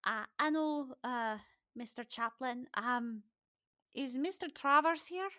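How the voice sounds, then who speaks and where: A woman playing a timid teenage barboy in a tabletop game, high and stammering, polite and nervous, bright tone in a dry room. He speaks hesitantly, eager not to upset anyone. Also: takes it slowly, no room sound, exaggerated voice. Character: young male teen barboy, nervous and polite.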